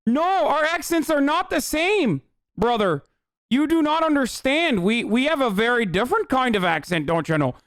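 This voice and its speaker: A man putting on a mock Canadian, high and singsong. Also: sing-song, moderate pace, a bit bright, no echo, clean studio sound, full character voice. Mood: insistent. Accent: put-on Canadian. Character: mock Canadian, polite but insistent.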